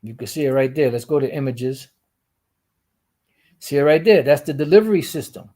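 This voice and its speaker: A man's voice: mid-range voice, animated, moderate pace, mellow. A man teaching the Bible while sharing his screen, explaining step by step and often repeating and restarting his phrases.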